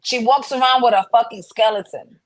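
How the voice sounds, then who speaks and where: A woman co-hosting a podcast, explaining her view at length in casual chat and thinking out loud. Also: on the high side, fairly quick. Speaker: podcast co-host.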